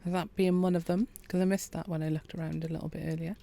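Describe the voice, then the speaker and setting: Calm woman streamer, slight gravel. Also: fairly low pitch, fast. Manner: quiet, relaxed, chats with viewers. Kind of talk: calm gameplay commentary.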